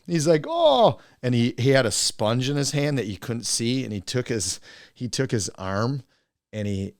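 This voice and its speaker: A man's voice: medium pitch, moderate pace, dry recording, studio quality. A middle-aged man from Wisconsin, a coach and teacher, telling rambling stories as a guest in a casual podcast interview. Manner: rambling, animated storyteller who mimics friends.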